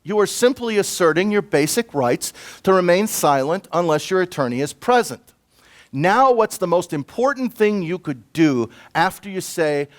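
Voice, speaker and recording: A middle-aged man with a fairly high voice gives a conference presentation. He lectures in a lively, conversational way, turning to the audience with asides and quick questions. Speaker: self-defense instructor. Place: conference room.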